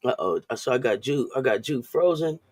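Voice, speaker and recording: A woman's voice: rumbling low, expressive, a little fast, a little mellow, dry recording. A woman hosting a casual sports talk live stream, chatty and loose, often repeating and restarting her phrases while greeting viewers.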